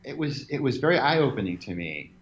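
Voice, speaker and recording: A man being interviewed, telling stories in an animated way and laughing now and then. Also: mid-range voice, brisk, highs cut off, slight background noise. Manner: animated storyteller, laughs often. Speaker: interview guest, gym owner. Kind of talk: conversational interview.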